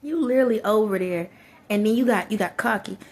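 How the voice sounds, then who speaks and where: A woman talks casually to her viewers in a rambling vlog rant. She circles back on her own points and often breaks into laughter. Her voice sits at an ordinary middle pitch. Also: fast, a little mellow. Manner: rambling, repetitive ranting with frequent laughter; colloquial, addresses viewers as y'all. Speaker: vlogger.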